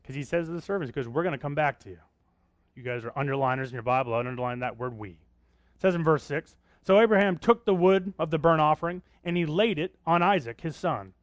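A male pastor preaches a Bible sermon in a conversational way, often stopping to ask his listeners questions. His voice sits a little high for a man, and the sound is dry and close. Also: fast talker, dry recording. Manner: conversational, asking the congregation questions.

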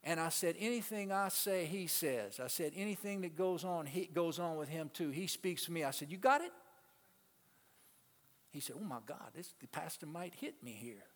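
A male pastor preaching a sermon to his congregation, swinging between loud, emphatic peaks and quiet asides and calling out to the people in the pews. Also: fairly high pitch, moderate pace, few pauses. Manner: calls out to the congregation. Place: church sanctuary. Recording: long reverb of a large hall.

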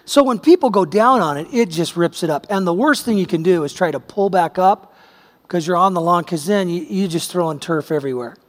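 A man's voice: high-pitched, expressive, brisk, big-room sound. A middle-aged man preaching a sermon, telling a personal story in a conversational way that builds to emphatic peaks. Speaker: pastor.

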